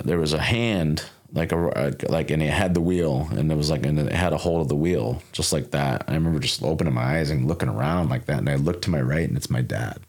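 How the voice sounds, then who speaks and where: A man in his forties from Illinois, telling a personal story as a podcast guest in a rambling way, repeating words and acting out quotes. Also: rumbling low. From Sauk Valley, Illinois. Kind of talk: casual storytelling.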